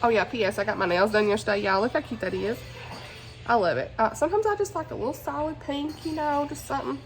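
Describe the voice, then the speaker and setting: A woman's voice: fairly high pitch, quick pace, soft background music, low-quality recording. A woman chatting casually as a book vlogger, giggly and talkative. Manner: chatty, giggly, often says y'all. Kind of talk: casual chat.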